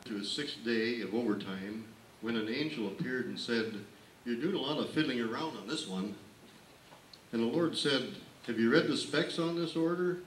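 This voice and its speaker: A man's voice: mid-range voice, normal speed. A man reading a sentimental tribute aloud, lifting his voice for the quoted lines. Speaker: family member reading a tribute. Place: indoor family birthday party. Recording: echoey room, distant camcorder mic, faint hiss.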